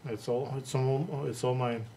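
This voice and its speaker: A man hosting an interview, speaking haltingly and restarting his sentences, his words dotted with pauses. His voice sits at an ordinary pitch for a man. Faint ambient noise hangs behind him. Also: steady tone, mellow. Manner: halting, full of hesitations and restarts. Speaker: interviewer host. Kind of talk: casual interview chat.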